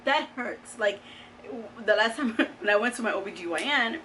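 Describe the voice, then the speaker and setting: Woman vlogging casually, bright clear voice, lots of "like", faint room noise. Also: fairly high pitch, moderate pace, rough recording. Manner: chatty, animated, lots of "like" and "oh my God". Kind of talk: casual storytelling to camera.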